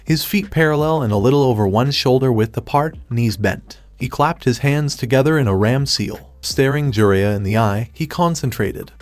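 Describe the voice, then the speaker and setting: A man narrating a fanfiction story in a plain, even reading. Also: medium pitch, normal speed, hardly any pauses, no echo.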